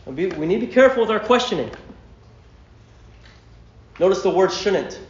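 A male pastor preaching a sermon, emphatic, dropping to a hush and then rising to a shout. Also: high-pitched, animated, moderate pace, long pauses, reverberant, lo-fi sound. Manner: emphatic, swinging from hushed to shouting.

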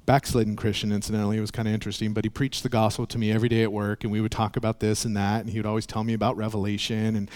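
A man's voice: lowish voice, flat delivery, rapid-fire, few pauses, a little mellow. A male pastor preaching a sermon, telling stories in an earnest way and acting out the voices in them. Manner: storytelling with acted voices, earnest.

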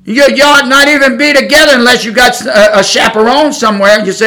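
Man, preacher, high voice, bright, blunt, folksy, emphatic sermon. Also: a little fast. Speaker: Pentecostal preacher.

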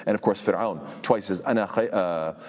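A man teaching a Quran lesson at a very quick clip, moving between Arabic recitation and English explanation. He often repeats words and restarts as he goes, and his voice trails off into a long reverb. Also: on the low side, steady tone, breathy edge. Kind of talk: tafsir lecture.

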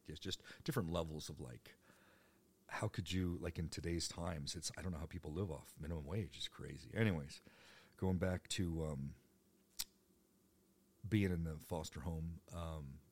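A man's voice: very deep voice, steady tone, moderate pace, slightly rough. A man in his fifties telling stories from his youth in a rambling, joking way, with the odd swear. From United States. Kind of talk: personal storytelling monologue.

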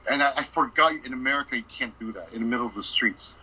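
Profane storytelling man, bright husky voice. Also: medium pitch, quick pace, poor audio. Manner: profane, laughing, acts out quotes. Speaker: record label boss, guest. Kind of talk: casual storytelling interview.

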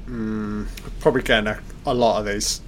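A man's voice: on the low side, big pitch swings, normal speed, gravelly, a little hiss or hum. A man giving a loose, off-the-cuff film commentary, reacting aloud and swearing at the scenes.

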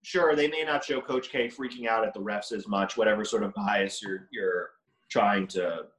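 A man's voice: on the low side, normal speed, fairly bright tone. A young man co-hosting a podcast, arguing bluntly in casual chat and swearing freely. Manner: blunt, profane, argumentative. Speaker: podcast co-host. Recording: echoey room.

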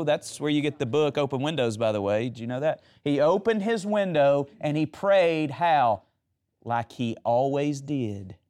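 A man's voice: medium pitch, darkish tone. A man preaching a sermon, retelling Bible stories and asking the audience questions.

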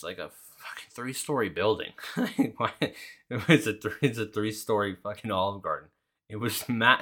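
A man's voice: lowish voice, sharp tone. A young man hosting a podcast, chatting casually and rambling with lots of swearing and fillers. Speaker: podcast host. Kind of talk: casual solo chat.

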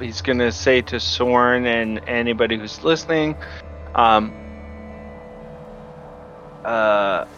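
A man's voice: mid-range voice, fairly bright tone. A man playing a tabletop game, casual and swearing now and then. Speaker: player. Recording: dull lo-fi mic with faint noise.

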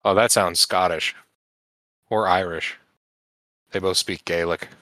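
A man's voice: low voice, steady tone, unhurried, sharp tone, no room sound. A man on a casual podcast, musing aloud through rambling guesses. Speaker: podcast co-host. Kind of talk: casual chat.

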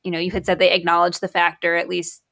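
Woman from the US, lowish voice, thoughtful, meandering questions. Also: completely flat delivery, quick pace, creaky, fairly bright tone. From United States. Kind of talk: casual interview questions.

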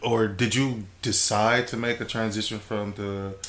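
A man hosting a casual chat, asking the guest questions and reacting quickly. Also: lowish voice, little pitch movement, a bit bright. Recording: echoey room, faint noise.

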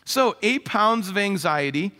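A man's voice: sits high, animated, unhurried, pushed and bright, in a large hall. A middle-aged male pastor preaching a sermon in an earnest, conversational way, with fillers along the way. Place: church sanctuary.

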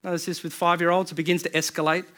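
Chatty man preaching a sermon, slightly high. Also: little pitch movement, fairly bright tone. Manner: conversational storytelling, quick asides and restarts. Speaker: pastor.

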